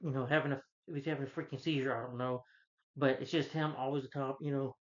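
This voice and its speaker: Male film reviewer, casual rambling rant, fillers and exasperation, average pitch, muffled lo-fi sound. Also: steady tone, fast. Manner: rambling, full of "you know" fillers, exasperated.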